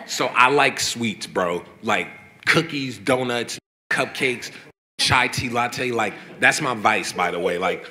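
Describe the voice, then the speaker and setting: A young man, a guest artist, telling animated, swearing stories in a casual live question-and-answer session. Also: mid-range voice, slow, slight background noise. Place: event hall with audience.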